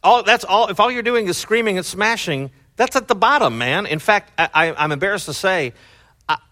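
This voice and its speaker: Animated middle-aged pastor, bright voice. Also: male voice, normal speed. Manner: animated, swings from low asides to loud excited bursts; loose, chatty delivery with many fillers. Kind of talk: conversational sermon.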